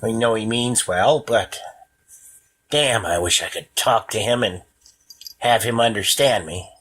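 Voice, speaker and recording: A man's voice: fairly low pitch, fairly bright tone, breathy edge. Breathless, wheezing sick man. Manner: halting, pausing every few sentences to catch his breath. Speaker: podcast host. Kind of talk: casual solo podcast monologue. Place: at home with a cat on him.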